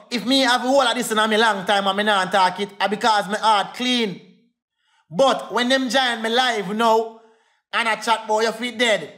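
A man's voice: high-pitched, sharp tone. A young Jamaican man in a heated livestream rant, defiant and repetitive, calling out to his viewers.

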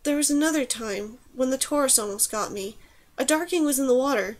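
A woman voicing a spirited, brave young girl archer in a lifted, brighter voice. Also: high-pitched, fairly quick, lightly acted.

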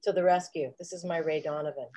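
Woman guest, lowish voice, rambling and theatrical, playing it for laughs on a video call. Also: fairly even intonation, fast, mellow. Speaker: interview guest. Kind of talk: casual video chat.

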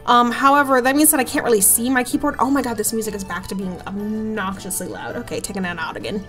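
A woman's voice: a little high, fast, music in the background. Chatty woman playing a game. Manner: chatty, giggly, easily delighted. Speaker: gaming video host. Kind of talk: let's play commentary.

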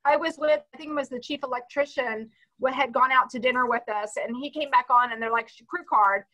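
A woman's voice: sits high, steady tone, quick pace, bright, forceful tone, rough recording. A woman from Texas, a panelist chatting casually and telling a story with lots of restarts. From Texas, USA. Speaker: panelist, cruise business president.

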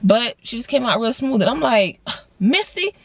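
Young woman in her twenties, casual storytime vlogger, lively voice jumps, dry close sound. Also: on the high side, a little fast, gravelly, dry recording. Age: 20s. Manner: animated storytelling with big voice jumps for quoted lines; casual slangy talk, addresses viewers as y'all. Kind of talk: storytime vlog.

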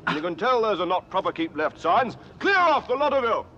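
An actor playing a stern British officer who briskly orders a silly sketch to stop. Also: male voice, sits high, sing-song, sharp tone, muffled recording, a little hiss or hum, heavily acted. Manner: brisk, commanding.

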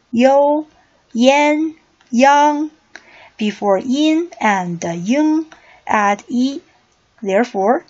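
Slow, high-voiced woman teaching pronunciation. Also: a little mellow. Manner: slow, deliberate explaining with drilled syllable readings. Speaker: Chinese language teacher. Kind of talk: pronunciation lesson. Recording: dull lo-fi recording.

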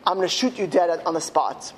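A man's voice: a little high, fast, in a large hall, a little hiss or hum, close to an everyday voice, poor audio. A man voicing a cruel, mocking male camp guard who speaks in threats. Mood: menacing.

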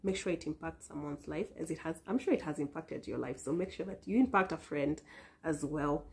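A woman's voice: low voice, a little fast, background noise. Earnest woman preaching. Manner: earnest, emotional and pleading, with soft whispered repeats. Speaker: vlogger sharing a testimony. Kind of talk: heartfelt religious testimony and encouragement.

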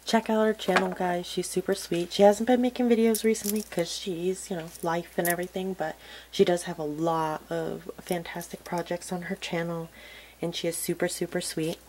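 A woman hosting a crafting channel, chatting casually to viewers in a soft, gushing way that often drops to a murmur. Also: fairly low pitch, fairly even intonation, moderate pace, slight background noise, low-quality recording. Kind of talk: casual unboxing chat to viewers.

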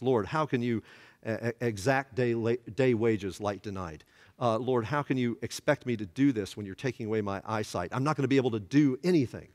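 A man's voice: mid-range voice, in a large hall. A man teaching a church Bible study who keeps asking his class to fill in the answers. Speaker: pastor.

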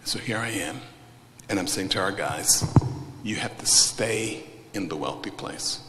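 A man preaching a sermon, moving from hushed quiet passages to loud, emphatic storytelling. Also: on the low side, a little slow, noisy background. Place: church hall. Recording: large hall reverb with music behind. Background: instrumental music.

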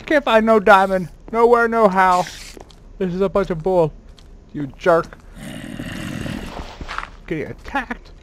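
A man doing let's play commentary as a gaming host, excitable and quick to swear, yelling at sudden scares and bragging playfully. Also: sits high. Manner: playfully boastful.

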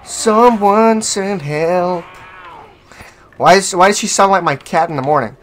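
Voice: medium pitch, measured pace, slight background noise. A gaming channel host giving let's-play commentary, swearing freely, taunting the enemy and yelping when startled.

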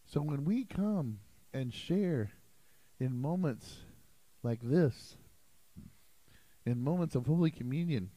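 A man preaching a sermon as pastor in a church sanctuary, emphatic and animated. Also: a little high, takes it slowly, long pauses, no room sound, poor audio.

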